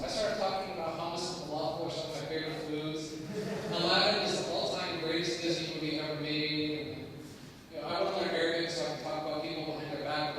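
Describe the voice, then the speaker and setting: Animated American man in an echoey hall. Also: high voice, a little hiss or hum. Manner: animated storytelling with sudden loud rises. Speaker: guest speaker. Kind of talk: personal testimony talk. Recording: echoey hall, distant mic.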